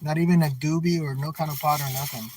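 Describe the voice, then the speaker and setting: High-voiced man rambling earnestly. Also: steady tone, fast talker, noisy background. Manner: folksy and slangy. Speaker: live streamer. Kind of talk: casual livestream chat, reading out viewer comments. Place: in a car while driving.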